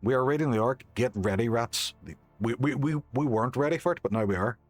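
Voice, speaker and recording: A man's voice: medium pitch, brisk. A young Northern Irish man chatting casually while livestreaming a game, thanking viewers and swearing now and then. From Northern Ireland. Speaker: streamer. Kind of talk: casual game streaming chat. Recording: faint background music.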